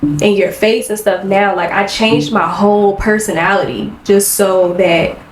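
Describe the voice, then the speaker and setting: A woman's voice: mid-range voice, steady tone, a little slow, echoey room, slight background noise, rough recording. A young woman co-hosting a faith podcast, talking reflectively in casual chat and filling nearly every line with "like". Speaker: podcast co-host.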